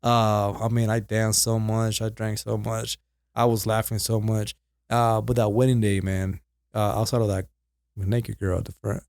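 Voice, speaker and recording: A man's voice: on the low side, little pitch movement, moderate pace, vocal fry, darkish tone, no echo, clean studio sound. A man chatting casually on a podcast, easygoing, with frequent fillers and laughs. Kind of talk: casual chat.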